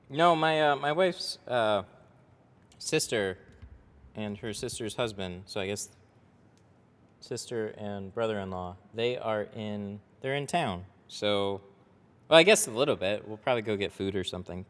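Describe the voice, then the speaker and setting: A man's voice: fairly low pitch, measured pace, clean tone. A man who runs a window tint shop, chatting casually and rambling on a livestream while he works, often laughing. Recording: echoey reverberant workshop.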